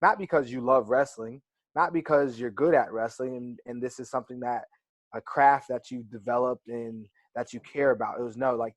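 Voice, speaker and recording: A man's voice: medium pitch, normal speed, no echo. A young man, a wrestler, telling stories in a casual interview, reflective and full of fillers like "like" and "right". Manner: reflective, storytelling with many fillers. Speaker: wrestler guest.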